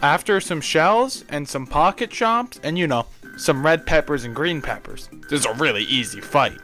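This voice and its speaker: A man's voice: fairly high pitch, lively intonation, moderate pace. Young man narrating gameplay over faint music. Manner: opinionated, crude jokes, offhand.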